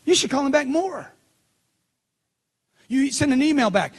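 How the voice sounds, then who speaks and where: A man's voice: very high-pitched, expressive, normal speed. A middle-aged man speaking as a motivational speaker at a seminar, punchy and emphatic, repeating lines for effect. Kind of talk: seminar speech.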